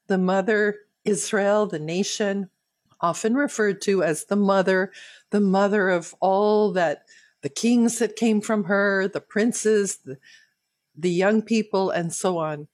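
Slow, earnest woman teaching scripture. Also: mid-range voice, a little mellow, dry recording. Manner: slow, earnest, personal devotional tone. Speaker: Bible teacher. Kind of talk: Bible reading and commentary.

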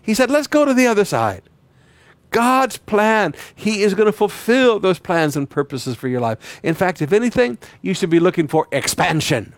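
A male pastor preaching a sermon, repeating words and swinging between loud declaring and quiet, pressing emphasis. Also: high voice, lively intonation, moderate pace, few pauses, dry recording.

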